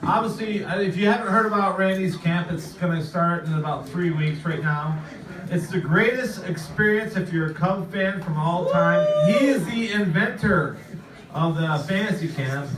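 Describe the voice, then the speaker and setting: A man's voice: sits high, moderate pace, a crowd in the background. A man introducing a guest in a casual, enthusiastic way, with many fillers. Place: club event room. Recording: roomy hall, distant mic.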